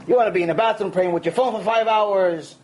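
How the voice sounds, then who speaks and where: A man giving a conversational Torah lecture, animated and acting out quoted voices along the way. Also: high voice, quick pace. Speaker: rabbi.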